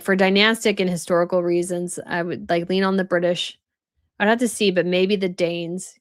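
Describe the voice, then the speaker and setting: A woman's voice: lowish voice, no room sound, studio quality. A young woman hosting a casual live stream, reading viewers' comments aloud and chatting about them with lots of "like" fillers. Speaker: host reading live chat.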